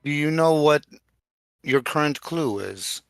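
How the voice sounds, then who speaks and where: A man's voice: a little high, lively intonation, unhurried, vocal fry, a bit bright, clean tone, faint music behind. A man playing a tabletop role-playing game, speaking politely and formally in character. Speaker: tabletop player.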